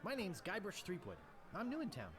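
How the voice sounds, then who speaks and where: Guybrush, eager young would-be pirate. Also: male voice, sits high, wildly swooping pitch, brisk, background noise. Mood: earnest. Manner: earnest, slightly awkward. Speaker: game protagonist.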